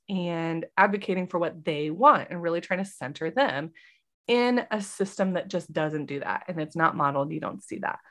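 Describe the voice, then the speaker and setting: A woman in her thirties co-hosting a podcast, chatting casually and acting out the voices of people in her story. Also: mid-range voice. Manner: animated, acts out quoted voices. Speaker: podcast co-host, nurse.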